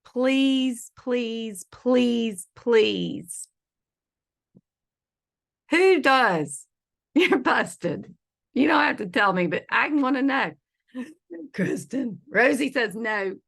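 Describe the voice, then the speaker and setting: A woman's voice: on the high side, lively intonation, slow pace, creaky, fairly bright tone, slightly rough. A woman teaching an online feng shui class in a chatty, playful way, laughing often. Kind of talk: casual online presentation. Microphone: video call.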